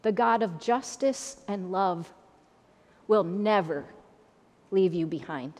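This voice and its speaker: A woman's voice: medium pitch, takes it slowly, darkish tone. A woman pastor giving a sermon in a conversational, repetitive preaching style, with an Upper Midwest American accent. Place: church sanctuary. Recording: long church reverb.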